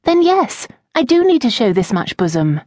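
A woman's voice: medium pitch, animated, moderate pace, darkish tone, dry recording, clean studio sound, voice pushed up, lightly acted. A woman narrating an audiobook, voicing a poised young noblewoman who answers her father with composed asperity. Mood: tart. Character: poised young noblewoman, a debutante and patient daughter. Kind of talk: audiobook character voice.

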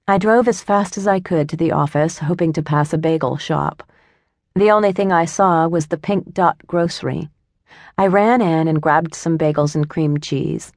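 A woman reading a first-person memoir in measured, even scripted narration, recorded close in a studio. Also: low voice, no room sound. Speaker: audiobook narrator.

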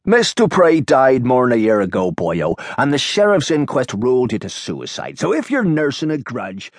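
A man's voice: mid-range voice, sing-song, moderate pace, no room sound, clean studio sound, pitched above the performer's own voice. A male audiobook narrator voicing a short, swaggering Irish saloon keeper with an Irish accent and a brash, showboating manner. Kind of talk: audiobook character voice.

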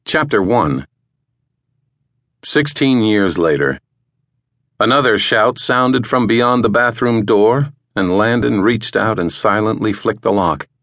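A man narrating an audiobook in a measured, even way, recorded in a studio. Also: lowish voice, no room sound. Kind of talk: scripted narration.

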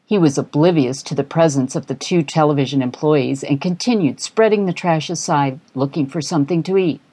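A woman narrating a humorous short story for an audiobook in an even storytelling manner. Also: low voice. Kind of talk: scripted narration.

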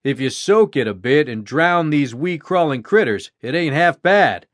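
A man voicing a jovial, gruff army sergeant with a hearty, joking manner. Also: fairly high pitch, expressive, unhurried, no echo, clean studio sound.

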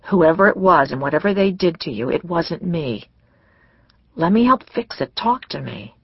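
Read this as a narrator playing an intense man in an audiobook, pressing his lover hard with a gravelly edge, on a dull, dry recording. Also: mid-range voice, lively intonation, moderate pace, dry recording. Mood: gentle. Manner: insistent, then gentle. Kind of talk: audiobook character dialogue.

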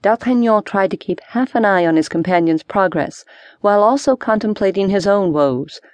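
A woman narrating an adventure audiobook in a steady, measured storytelling manner. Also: medium pitch, no echo. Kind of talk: scripted narration.

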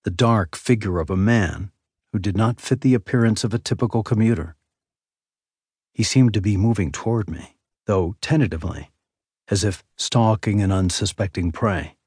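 A man narrating a memoir audiobook in a measured, even storytelling manner on a close studio mic. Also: lowish voice, slightly rough, dry recording.

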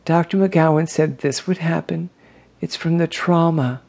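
A male narrator puts on a fretful, caring sister in this storybook reading. She speaks soothingly, pitched noticeably higher than his own voice. The delivery is slow and gentle. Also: steady tone, creaky. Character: anxious adult woman, a caring sister.

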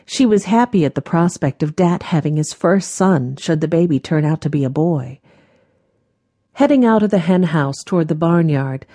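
A woman reading an audiobook as its narrator in a measured, gentle manner. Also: on the low side, dry recording. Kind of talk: scripted narration.

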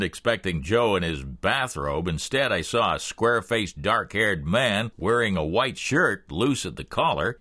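A man narrating a thriller audiobook in the first person with expressive storytelling. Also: lowish voice, dry recording, clean studio sound.

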